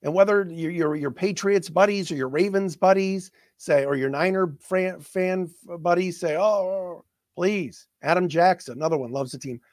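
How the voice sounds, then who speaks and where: A man hosting a sports talk show, his voice a little high for a man, stumbling and repeating words as emotion catches his throat. He sounds close and dry, with no room around him. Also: moderate pace, a little mellow, dry recording. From not from the area of the team he covers.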